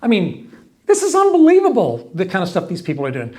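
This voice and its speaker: A man with a Texan accent, a window company owner, talking casually to camera and acting out salesmen's pitches in quoted voices. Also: huge pitch swings, a little fast, a little mellow.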